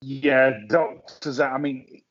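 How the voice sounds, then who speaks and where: A man hosting a casual horse racing chat, talking in quick bursts with frequent restarts. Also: medium pitch, level tone, no echo, lo-fi sound. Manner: chatty, hesitant restarts, laughs at own jokes. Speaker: podcast host.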